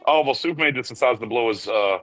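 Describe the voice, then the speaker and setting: A man co-hosting a casual podcast, giving an animated film review and briefly mimicking characters as he tells it. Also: medium pitch, no echo, rough recording. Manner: animated storyteller, mimics characters in quick bursts. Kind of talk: casual chat.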